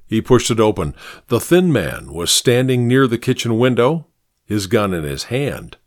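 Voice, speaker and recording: A man reading a noir story as narrator, slow, measured and even. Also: lowish voice, no room sound, clean studio sound.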